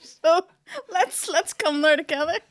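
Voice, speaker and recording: Woman chatting on a podcast, very high, swoops all over, bit of faint hiss. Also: measured pace. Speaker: podcast guest, host's wife. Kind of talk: casual chat.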